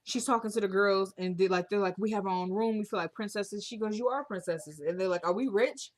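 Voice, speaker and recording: Woman vlogger, casual recap, animated retelling, mid-range pitch. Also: brisk. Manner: retells scenes quoting characters, animated. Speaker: TV episode recapper. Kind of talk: casual episode recap vlog.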